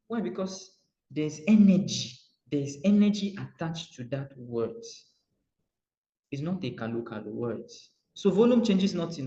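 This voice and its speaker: Nigerian male motivational coach, slightly high voice, lively and repetitive, muffled roomy recording. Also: moderate pace. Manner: animated, acts out dialogue, repeats phrases.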